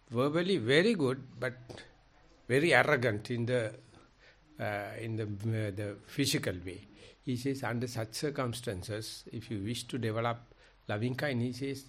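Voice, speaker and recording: A man taking part in a dharma discussion as a meditation teacher, talking in an animated, emphatic, storytelling way with big swings in pitch and loudness. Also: unhurried.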